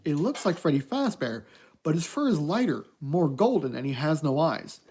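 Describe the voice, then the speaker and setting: Mellow-voiced streamer reading a story aloud. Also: medium pitch, expressive, moderate pace, a little hiss or hum. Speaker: streamer reading an interactive book.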